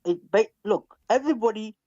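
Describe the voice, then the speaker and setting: A man debating as a guest, staying calm, reading verses aloud and asking to finish his point. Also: high-pitched, fairly quick, highs cut off. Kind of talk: live online debate.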